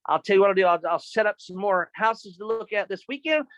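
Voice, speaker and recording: A man voicing a calm, matter-of-fact male realtor in a spoken story. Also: high voice, fairly quick.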